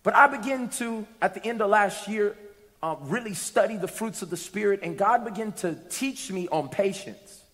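A man preaching a sermon to a congregation, telling a story and building to shouted exhortation. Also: sits high, normal speed. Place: church sanctuary. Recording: long reverb of a large hall.

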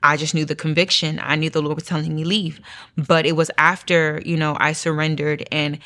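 A woman's voice: sits low, flat delivery, a little fast, sharp tone. A young woman giving an earnest, emotional personal testimony as an interview guest, acting out her own inner dialogue.

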